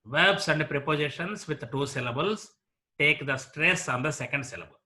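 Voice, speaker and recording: A man teaching an English lesson on word stress, slowly and deliberately repeating example words one at a time. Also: on the high side, sharp tone. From India. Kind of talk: classroom lecture on word stress.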